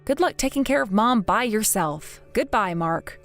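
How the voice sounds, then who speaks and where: A woman speaking firmly and coldly as a daughter cutting off her family in an animated story. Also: medium pitch, moderate pace, faint music behind. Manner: firm and cold. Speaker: narrating daughter.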